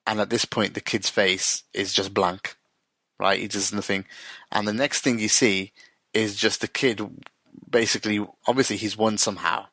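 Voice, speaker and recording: A man's voice: on the low side, flat delivery, moderate pace, bright, forceful tone, breathy edge, no echo. A man casually retelling a TV episode, full of restarts and acted-out dialogue. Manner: rambling retelling with frequent restarts and quoted dialogue. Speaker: co-host recapping a TV episode. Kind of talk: casual chat.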